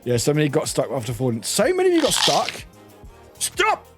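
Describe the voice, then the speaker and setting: Excitable high-voiced British man streaming. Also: rapid-fire, music in the background. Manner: excitable, laughs often, swears, bursts into high shouts. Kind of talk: casual live-stream chat while playing.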